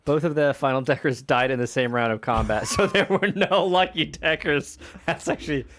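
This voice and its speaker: A man's voice: a little high, moderate pace, a bit bright, a little hiss or hum. A man casually chatting while streaming a strategy game, laughing often and swearing in passing. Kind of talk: casual gaming stream chat.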